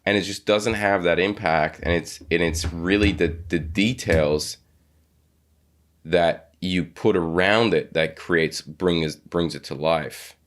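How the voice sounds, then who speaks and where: A deep-voiced man hosts a casual podcast interview. He stumbles and restarts often, repeating words as he works toward his point. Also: fairly even intonation, slow pace. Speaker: podcast host.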